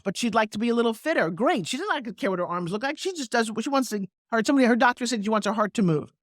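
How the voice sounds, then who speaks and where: A middle-aged woman, a sales coach, talking energetically in an interview and slipping into persuasive pitching, with acted-out quotes. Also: lively intonation, quick pace, few pauses, no room sound, clean studio sound. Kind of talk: energetic interview talk with live product pitch.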